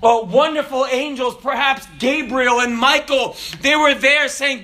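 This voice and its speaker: A pastor in his forties preaches an animated sermon in a very high, bright voice that stays ringing and forward throughout. He swings from shouted declarations to low, quiet asides, speaking unhurriedly with few pauses.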